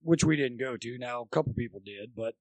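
A man, a former college baseball coach, chatting as a guest and telling long, animated anecdotes. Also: mid-range voice, fairly quick, dry recording. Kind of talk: rambling anecdotal storytelling.

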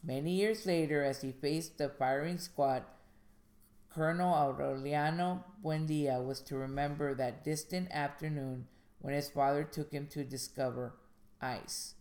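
A woman hosting a podcast on writing craft, reading aloud from a guide in a measured way and then talking it over loosely, with fillers and restarts. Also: low voice, fairly even intonation, darkish tone. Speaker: podcast host and indie author.

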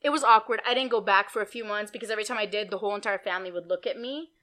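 A woman's voice: mid-range voice, racing. A woman in her twenties co-hosting a podcast, telling crude stories in casual chat and laughing often. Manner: laughing, crude, animated storyteller. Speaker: podcast co-host.

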